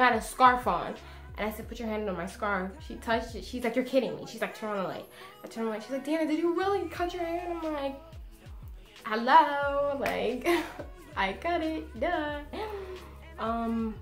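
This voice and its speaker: A woman's voice: mid-range voice, fairly bright tone, reverberant. A woman in her twenties chatting casually to camera from her bedroom, laughing often and saying "like" a lot, a little tired after a long day. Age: 20s. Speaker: beauty vlogger.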